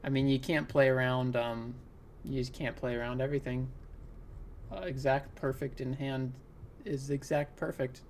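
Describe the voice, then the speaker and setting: A man's voice: medium pitch, fairly even intonation, normal speed. Man narrating his card game play. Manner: talks through plays, exasperated, laughing groans. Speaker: gaming content creator. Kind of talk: live gameplay commentary.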